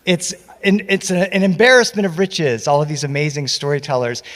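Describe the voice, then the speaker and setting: A man performing stories live on a festival stage, playful and animated, speaking into a stage microphone. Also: fairly high pitch, fairly quick, long reverb tail. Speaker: storyteller. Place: festival stage before an audience.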